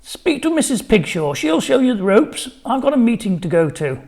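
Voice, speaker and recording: Man voicing a brisk, fussy storybook headmaster with a lively, bouncing delivery. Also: extremely high pitch, creaky, pitched above the performer's own voice, exaggerated voice. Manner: brisk, dismissive. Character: fussy, hurried male school headmaster.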